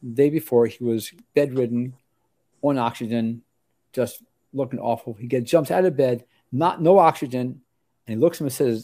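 A man's voice: medium pitch, normal speed. An older man, an osteopathic family doctor, telling stories in a rambling way with many restarts. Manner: rambling, with many restarts and lively acted quotes. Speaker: osteopathic family physician, interview guest. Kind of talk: relaxed storytelling in an interview.

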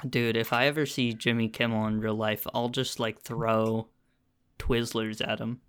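A man's voice: medium pitch, level tone, unhurried, fairly bright tone, clean tone. A young man co-hosting a podcast in casual chat, laughing often as he tells stories. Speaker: podcast co-host.

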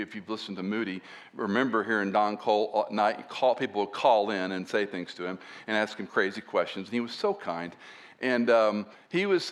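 Earnest male pastor preaching. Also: on the low side. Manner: earnest, often dropping to a soft, hushed delivery for emphasis. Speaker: pastor and Bible teacher. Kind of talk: sermon.

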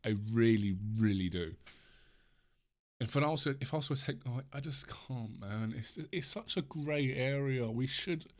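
A man's voice: medium pitch, expressive, normal speed. A man in his mid-twenties ranting on his own, swearing often, restarting sentences and apologising for rambling. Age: mid-20s. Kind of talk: solo rant.

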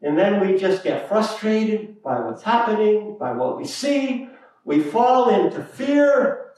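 A male pastor preaching a sermon in a church sanctuary, deliberate and emphatic, repeating key phrases. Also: high-pitched. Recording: echoey room, mic at a distance.

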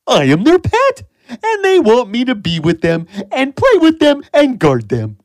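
A woman voicing a gentle, lonely pampered male pet dog in a children's story. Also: high voice, huge pitch swings, measured pace, dry recording, heavily acted. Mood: wistful.

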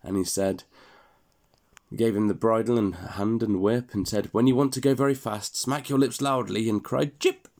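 A man reading a fairy tale aloud to a child in a relaxed, chatty way, stopping to explain and laugh. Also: on the low side, moderate pace.

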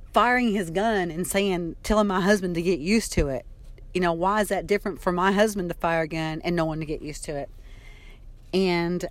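A woman speaks in a lowish voice, recounting a personal story with halting restarts and frequent fillers. Her delivery is emotional and unpolished, like talking straight to a camera. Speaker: storyteller sharing personal experience.

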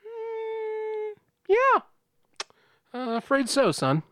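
Gruff tired gunman read by a man, high, lively voice, flat delivery, dry sound. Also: drawn-out words, no room sound, exaggerated voice. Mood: resigned. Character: weary male gunman holding a hostage. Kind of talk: comedic script read-through.

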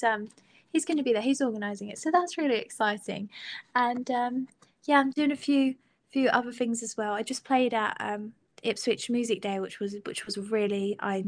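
A young British woman with a voice on the high side is a singer-songwriter guest in a casual interview. She giggles, halts and restarts her sentences many times.

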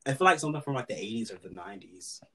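A man's voice: mid-range voice, lively intonation, very fast, a bit bright. A man co-hosting a podcast who talks casually and teases his friends, laughing often. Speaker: podcast co-host. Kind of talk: casual chat.

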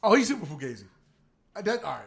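A man's voice: high voice, big pitch swings, fast talker, vocal fry, a bit bright. A man hosting a casual sports podcast, brash and emphatic, talking straight to his listeners. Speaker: podcast host.

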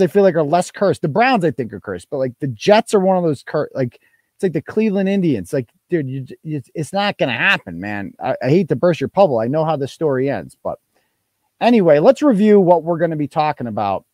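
Male live-stream host, casual and crude, animated pitch, dry sound. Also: a little fast, no room sound. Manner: loose, joking, crude asides. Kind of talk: casual live-stream chat reading donations.

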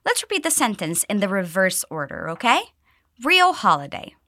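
Lively, clear woman English teacher. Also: medium pitch, dry recording, clean studio sound. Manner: clear, deliberate model phrasing for learners to repeat. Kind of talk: pronunciation lesson with repeat drills.

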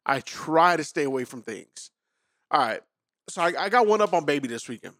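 A man hosting a podcast, telling a long story with frequent laughter in a loose, animated way. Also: a little high, a little fast, no echo, studio quality. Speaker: podcast host. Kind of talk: casual storytelling chat.

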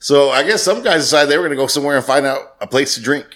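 A man's voice: medium pitch, racing, fairly bright tone. A man hosting a podcast, telling a story casually and swearing freely. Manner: swears freely, acts out quoted voices. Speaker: podcast host.

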